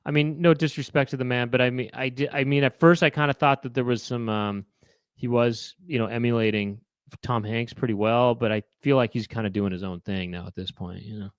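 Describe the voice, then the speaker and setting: A man's voice: medium pitch, steady tone, a little fast, smooth, no echo, studio quality. A man hosting a casual comedy chat, rambling and jokey. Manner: rambling, jokey, lots of "you know". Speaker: host.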